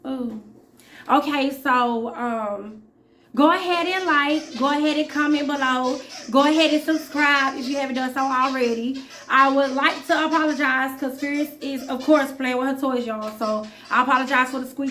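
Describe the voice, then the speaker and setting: A woman in her thirties speaking casually to her viewers as a vlogger, chatty and direct, with many pauses and fillers. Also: high-pitched, fairly even intonation, pushed and bright, slight background noise. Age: 30s. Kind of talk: casual talk to camera.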